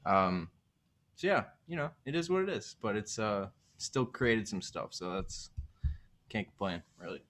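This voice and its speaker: Man, low voice, film composer, casual chat, rambling. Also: lively intonation, unhurried, fairly bright tone. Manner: rambling, filler-heavy.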